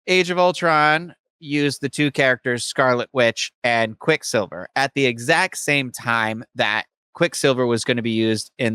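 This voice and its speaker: A man's voice: medium pitch, sharp tone, clear, resonant tone, dry recording. A man co-hosting a podcast, eagerly explaining things in a rambling, casual chat. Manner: enthusiastic, rambling fan explanations. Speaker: podcast co-host.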